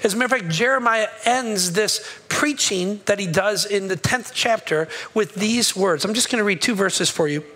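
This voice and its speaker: A man's voice: high-pitched, normal speed, few pauses, pushed and bright, low-quality recording. A male pastor giving a sermon in a church, impassioned and conversational, asking the congregation questions.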